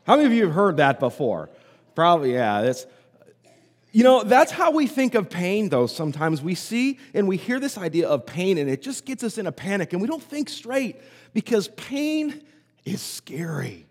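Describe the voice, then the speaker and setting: A man preaching a sermon, telling a story in a conversational way and pausing often. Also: high voice, very animated. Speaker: pastor. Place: church sanctuary. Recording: hall reverb.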